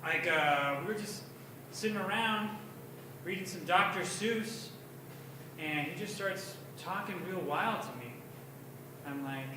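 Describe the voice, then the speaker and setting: A man's voice: high-pitched, unhurried, pauses often, noisy background. A young man doing crude, self-mocking open mic stand-up in a bar, telling his stories with energy. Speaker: stand-up comedian. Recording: echoey bar from far off.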